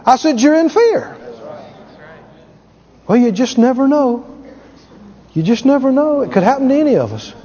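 A man preaching a sermon with emphatic delivery, acting out quoted voices and rising to shouts. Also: extremely high pitch, very animated, a little fast. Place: large church hall. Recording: lo-fi hall recording with audience. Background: congregation.

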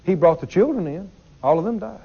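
A man's voice: sits high, animated, a little fast, gravelly, mellow, slightly rough, lo-fi sound. A man preaching a sermon in an emphatic way, repeating his phrases and putting questions to the congregation.

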